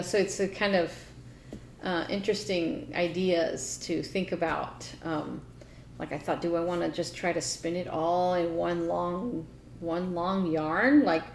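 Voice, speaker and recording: A woman's voice: on the low side, a little hiss or hum. A woman co-hosting a casual crafting chat, talking in a chatty way with many fillers and easy laughs. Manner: chatty, laughs easily, lots of "you know". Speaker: podcast co-host. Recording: roomy echo.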